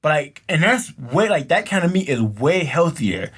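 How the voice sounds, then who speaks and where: A man's voice: fairly high pitch, normal speed. A man co-hosting a podcast, telling stories in a casual chat full of slang and acting out the people he quotes. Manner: animated storytelling, slangy, acts out both sides of exchanges. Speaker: podcast co-host.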